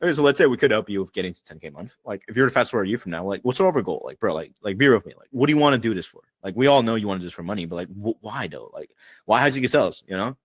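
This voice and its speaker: This sales coach speaks quickly and loosely on a video call, his slightly low voice breathy-edged with lively intonation. He swears and uses slang constantly, leaning on "like" and "bro," in a casual online training session recorded dry and close with no echo.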